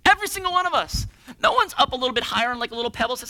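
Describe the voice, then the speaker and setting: A man preaching a sermon with passion, dropping to hushed near-whispers and rising to loud pleading. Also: extremely high pitch, animated, racing. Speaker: pastor.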